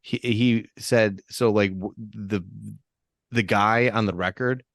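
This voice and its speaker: A man's voice: fairly low pitch, fairly even intonation, takes it slowly, dry recording, clean studio sound. A man co-hosting a podcast, chatting casually about horror movies and restarting his sentences often. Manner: rambling, many restarts and fillers. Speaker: podcast co-host.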